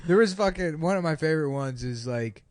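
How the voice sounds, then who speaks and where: A man's voice: fairly high pitch, animated, brisk. A man co-hosting a comedy podcast, telling rambling stories full of fillers and bursts of laughter. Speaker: podcast co-host. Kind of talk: crude comedy podcast banter.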